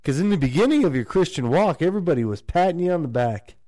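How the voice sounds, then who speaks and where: A man holds forth in relaxed, animated conversation, slipping into other people's voices as he tells it. His tone is warm and mellow, and the recording is close and dry with no room sound. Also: a little high, fast talker, dry recording. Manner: animated, acts out quoted voices of friends and family. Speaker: podcast co-host. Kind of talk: casual chat.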